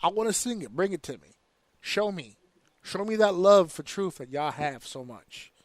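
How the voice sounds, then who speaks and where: A man's voice: high voice, lively intonation, normal speed, dry recording. A man hosting a podcast, giving casual wrestling commentary as a heated, profane rant full of slang. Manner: slips into slang and mimicked voices. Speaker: podcast host.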